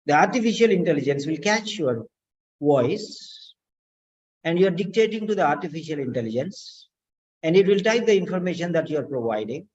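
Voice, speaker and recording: A language teacher giving an instructional lesson, speaking slowly and deliberately and repeating key words. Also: mid-range voice, animated, a little mellow. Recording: dull lo-fi recording.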